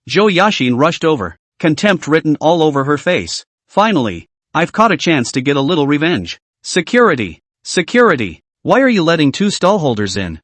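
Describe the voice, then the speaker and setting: A man's voice: on the high side, dry recording. A man narrating a comic recap story, reading every part in the same voice.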